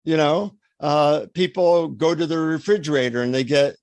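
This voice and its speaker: Lively storytelling man, slightly high voice. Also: normal speed, no room sound. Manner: lively anecdotal storyteller, acts out dialogue. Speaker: podcast guest, author. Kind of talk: storytelling in an interview.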